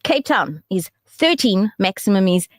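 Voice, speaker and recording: Lady radio host, chatty and jokey, pitch all over the place, dry close mic. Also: measured pace, no echo. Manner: chatty and joking, with lively swoops in pitch and laughs. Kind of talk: casual radio chat and weather.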